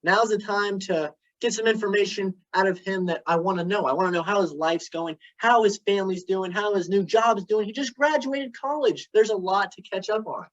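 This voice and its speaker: Guy giving a storytelling speech, dramatic pauses, kinda muffled recording. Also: high voice. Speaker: club speaker. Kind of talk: prepared speech. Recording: dull lo-fi recording.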